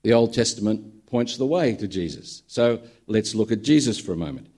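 A man preaching with a husky, slightly breathy voice. His pitch swings widely as he tells a story with dry humour, and his tone is dark and mellow. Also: lively intonation, normal speed. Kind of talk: sermon with a told joke.

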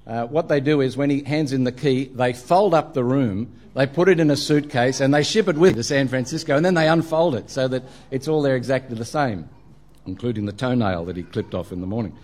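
A man's voice: mid-range voice, a little fast, darkish tone. A middle-aged Australian man preaching a sermon, telling funny travel stories with plenty of ums and uhs. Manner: humorous storytelling, frequent ums and uhs. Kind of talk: sermon with anecdotes.

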